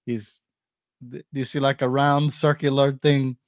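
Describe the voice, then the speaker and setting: A man's voice: medium pitch, flat delivery, moderate pace, no room sound, studio quality. A man hosting a casual live-stream comedy chat, playful and joking, laughing often. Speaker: host.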